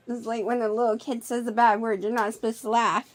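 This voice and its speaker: A woman's voice: fairly high pitch, little pitch movement, a little fast, hardly any pauses, no echo. A woman chatting casually to her camera at home, talking to her cats and cooing at them in baby talk. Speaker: vlogger. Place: home room.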